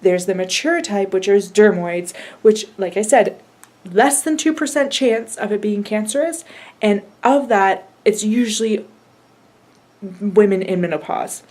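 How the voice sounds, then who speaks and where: A woman's voice: mid-range voice, expressive, measured pace, darkish tone. Chatty woman vlogger. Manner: chatty, retelling conversations in quotes. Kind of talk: casual vlog update.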